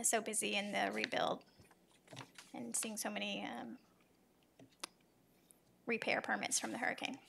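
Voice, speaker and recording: A woman on city planning staff presenting a report at a public meeting, measured and full of ums. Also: a little high, vocal fry, bright, forceful tone, slight background noise. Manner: measured, with frequent ums and uhs. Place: city council chamber.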